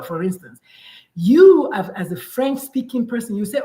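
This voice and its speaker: A woman from Nigeria hosting a casual chat, animated and acting out little dialogues as she explains her point. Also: mid-range voice, brisk, reverberant, poor audio. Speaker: podcast host and parent coach.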